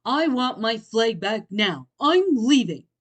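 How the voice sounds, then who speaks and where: A proud young bear, as a woman plays him in a storybook, firm and stern, with a voice that swings between lifted and heavy. Slow and deliberate. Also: fairly low pitch, animated, a little mellow, husky. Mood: angry. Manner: firm, stern when upset.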